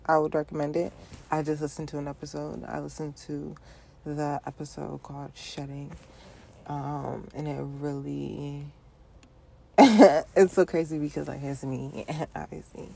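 Woman, podcast host, low gravelly voice, mellow tone, unhurried, playful and reflective. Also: steady tone, a little hiss or hum. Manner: playful, laughs often, talks to listener directly; casual speech with repeated phrases. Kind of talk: reflective solo podcast monologue.

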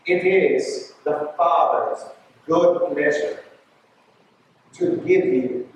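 Emphatic preacher in an echoey church. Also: male voice, a little high, steady tone, extremely slow, far from the mic, slight background noise. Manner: emphatic, repeats lines, checks in with the congregation. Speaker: bishop preaching a homily. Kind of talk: sermon.

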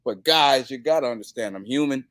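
A man's voice: mid-range voice, brisk, dry recording, studio quality. A man as a podcast guest, telling crude stories and acting out the people in them. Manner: profane, animated storytelling with acted-out quotes. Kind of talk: casual chat.

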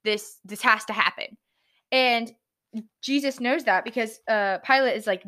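A woman's voice: on the high side, lively intonation, normal speed, fairly bright tone. A young woman reading scripture aloud and chatting about it casually, stumbling over words and filling with "like". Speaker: Bible study host. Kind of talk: casual Bible reading and reflection.

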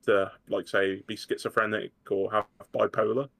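Gravelly low-voiced man chatting. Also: little pitch movement, normal speed, fairly bright tone. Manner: rambling, laughs easily. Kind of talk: casual chat.

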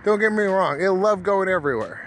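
A man's voice: high-pitched, lively intonation, brisk. A man hosting a solo podcast while walking down a street, rambling and laughing at his own jokes. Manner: rambling, self-amused, full of fillers. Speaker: podcast host. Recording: loud street noise outdoors.

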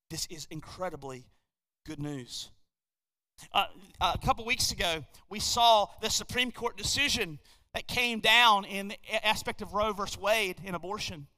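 A man preaching a sermon as a pastor, swelling loud on key words and dropping low between them. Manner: preaching with sudden swells and drops in volume. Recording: long hall reverb.

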